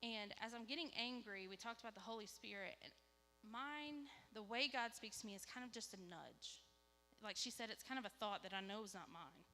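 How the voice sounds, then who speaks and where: A woman, giving an animated church testimony and acting out dialogue. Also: medium pitch, moderate pace, faint music behind. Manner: animated storytelling, acts out dialogue. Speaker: lay speaker giving a testimony. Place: church sanctuary. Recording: live church hall with reverb, faint hum.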